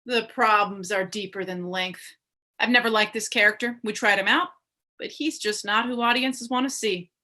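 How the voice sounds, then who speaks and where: A woman's voice: mid-range voice, moderate pace, pushed and bright, natural voice. A woman voicing a possessed man who turns into a menacing western villain, speaking with a slangy drawl in a live play reading.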